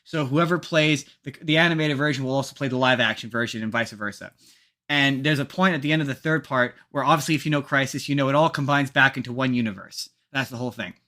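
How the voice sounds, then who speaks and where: A man's voice: medium pitch, fast talker, pushed and bright. A man hosting a casual podcast chat, rambling and restarting his sentences. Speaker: podcast host.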